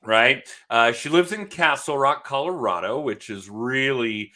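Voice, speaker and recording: Chatty bright-voiced man hosting a podcast. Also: mid-range voice, a little slow. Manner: jokey, laughs often, loose and chatty. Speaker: podcast host and sales coach. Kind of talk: casual chat. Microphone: video call.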